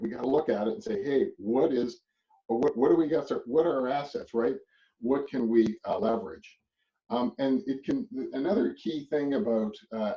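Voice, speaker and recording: Guy coaching realtors on a call, dark mellow voice, kinda distant and muffled, keeps saying right?. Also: medium pitch. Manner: animated, storytelling, many restarts and "right?". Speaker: real estate business coach. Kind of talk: motivational business talk. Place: a web call. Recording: muffled audio from off mic.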